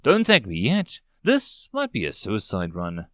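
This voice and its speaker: A man takes on the role of a stern woman marshal in command, snapping out quick orders with a bouncing pitch. The recording is dry and close, and his performance is strongly acted.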